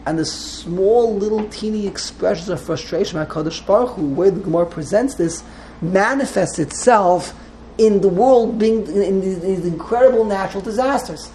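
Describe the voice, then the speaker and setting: A man's voice: high voice, moderate pace, dark tone, slight background noise, low-quality recording. Man teaching a Torah class, rambling. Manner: digressive, restarts often, mixes Hebrew terms.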